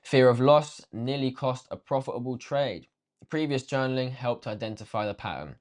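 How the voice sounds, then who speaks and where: A man's voice: mid-range voice, normal speed. A young man teaching a casual trading lesson, slangy and swearing freely, talking straight to viewers. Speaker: trading coach.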